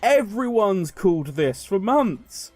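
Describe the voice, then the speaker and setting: A man giving opinionated video commentary as a gaming commentator, animated and sarcastic. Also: high-pitched, slow pace, faint music behind.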